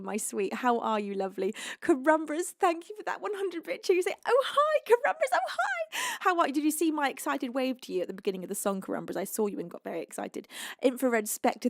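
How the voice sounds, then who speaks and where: A woman's voice: on the high side, no echo, clean studio sound. A woman from the UK hosting a live music stream, reading out and gushing over viewers' gifts with giggles. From United Kingdom. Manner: bubbly, giggly, gushing with thanks. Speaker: livestream music host. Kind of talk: thanking viewers on a livestream.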